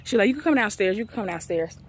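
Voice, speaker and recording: A woman in her twenties tells a painful memory in a casual, unscripted way, recorded outdoors near a street. Her voice sits at a middle pitch. She slips into the voices of the people she quotes. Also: lively intonation, fast talker, breathy edge. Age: 20s. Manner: emotional, acts out quoted dialogue. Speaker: vlogger. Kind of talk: casual storytelling.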